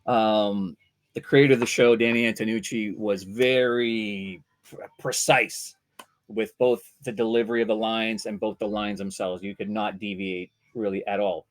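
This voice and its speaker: Animated storytelling voice actor man. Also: lowish voice, normal speed. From Vancouver, Canada. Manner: animated storyteller, bursts into loud character voices. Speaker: voice actor guest. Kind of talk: casual anecdotes.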